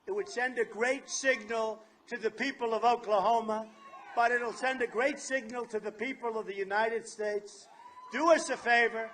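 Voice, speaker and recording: A man giving a campaign rally speech at an outdoor fair, boastful and repetitive, often shouting his points. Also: extremely high pitch, steady tone, moderate pace, a little hiss or hum. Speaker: political candidate.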